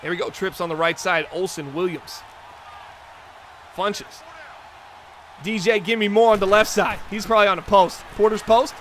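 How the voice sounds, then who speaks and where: A man hosting a live stream, calling video game plays with excitable commentary that breaks into hollers on big moments. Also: sits high, normal speed, long pauses, a little hiss or hum. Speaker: stream host and play-by-play commentator.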